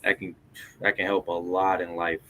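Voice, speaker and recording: A man's voice: low voice, flat delivery, moderate pace, a bit bright, a little hiss or hum. A man hosting a podcast, chatting casually with his guest and reacting in a laid-back, slangy way. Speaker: podcast host. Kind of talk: casual interview chat.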